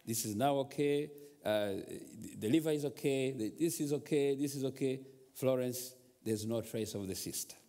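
A man doing a calm doctor. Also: mid-range voice, normal speed, natural voice. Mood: reassuring. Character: calm reassuring male clinic doctor. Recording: long church hall reverb.

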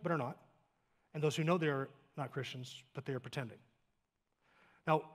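A male pastor delivers a sermon at a fast clip, his voice sitting a bit high. He drives points home with runs of short emphatic phrases, then drops into easy, joking asides. The sanctuary adds a long reverb tail. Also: fairly bright tone. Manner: emphatic, building lists of short clauses; plain conversational asides with light humor. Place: church sanctuary.

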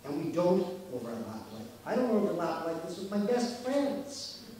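A man's voice: high-pitched, sing-song, normal speed, warm tone. A man from Canada gives an emphatic, storytelling keynote in a slightly raised voice. He is heard from some distance across a very echoey hall. A faint hum of noise sits under his speech. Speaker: keynote speaker. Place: conference hall.

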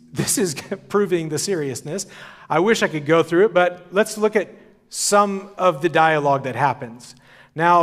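A man's voice: fairly high pitch, a bit bright. A man giving a sermon at a conference, retelling the story in a casual, conversational way. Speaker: conference speaker. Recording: long hall reverb.

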